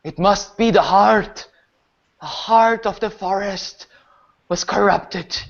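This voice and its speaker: Man voicing a raised corpse, halting gasps, very slow, muffled lo-fi. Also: high-pitched, creaky, pitched above the performer's own voice, exaggerated voice. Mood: haunted. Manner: halting, broken gasping speech. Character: dead elf villager briefly raised, gasping.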